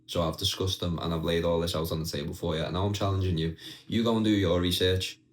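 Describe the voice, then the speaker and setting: A man's voice: low-pitched, level tone, fast, poor audio. A young man ranting casually and bluntly to his viewers, swearing freely and talking straight at the camera. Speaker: vlogger.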